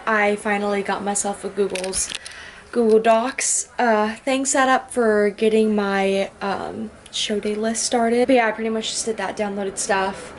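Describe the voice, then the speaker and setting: A bubbly young woman chats casually to her handheld camera at home, her voice pitched in a middle range. She rambles in a friendly way, full of "dude" and "like". A faint hiss sits behind her voice. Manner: chatty, bubbly, laughs often, says "dude". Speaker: vlogger and bodybuilding competitor. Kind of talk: casual vlog chat.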